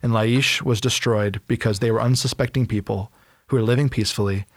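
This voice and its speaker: A man hosting a casual podcast, retelling a Bible story in an animated way and acting out its characters in quick casual voices. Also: lowish voice, no echo, clean studio sound.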